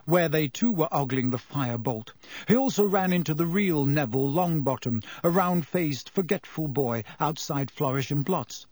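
A man reads a storybook aloud in a steady, clear narration. His voice sits slightly higher than typical for a man, and his delivery is measured. The sound is close and dry, with no room echo. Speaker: audiobook narrator.

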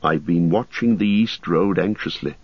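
A man voicing a grave, watchful male ranger in an audiobook, speaking slowly and solemnly. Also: deep voice, husky, dry recording. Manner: slow, solemn and measured. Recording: slightly muffled recording.

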